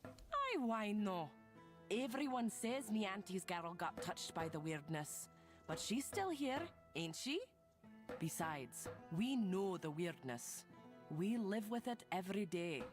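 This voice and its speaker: An actress voicing a stubborn, wary old farm woman in game dialogue, blunt and grumbling. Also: mid-range voice. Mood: resigned. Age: older. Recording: game audio with loud music underneath.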